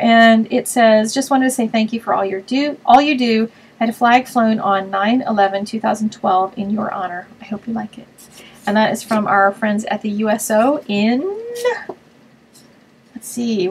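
A woman's voice: fairly high pitch, a little hiss or hum, poor audio. A woman hosting a card-making web show, chatting casually and thinking aloud as she works on a live stream.

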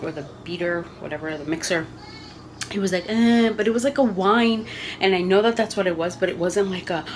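A young woman vlogging from her home kitchen, rambling and thinking out loud as she talks about her family day. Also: fairly low pitch, fairly quick, slight background noise. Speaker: vlogger, mother. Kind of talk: casual home vlog chat.

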